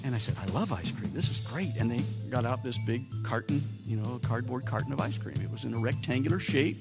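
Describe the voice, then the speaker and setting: A man's voice: mid-range voice, lively intonation, fast, big-room sound, over loud music. A man with an American accent preaching a sermon as pastor, telling humorous stories and putting on playful voices for quotes. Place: church sanctuary.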